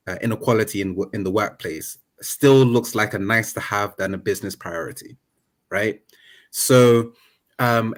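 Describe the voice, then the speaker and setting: A man of Nigerian background, a talkative guest in an online interview who tells anecdotes and jokes. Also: on the low side. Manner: animated and talkative, jokes and laughs. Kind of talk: casual interview chat.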